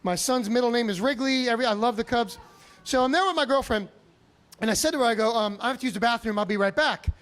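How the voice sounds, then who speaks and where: A comedian from Chicago telling animated stories on a comedy club stage, with sudden loud outbursts. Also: male voice, extremely high pitch, fast. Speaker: stand-up comedian. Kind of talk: stand-up set.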